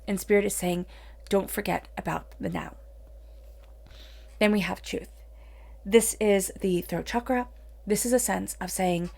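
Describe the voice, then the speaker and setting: A woman's voice: mid-range voice, gravelly, darkish tone. A woman giving a solo tarot reading in an earnest, encouraging manner, with many "you know"s. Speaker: tarot reader.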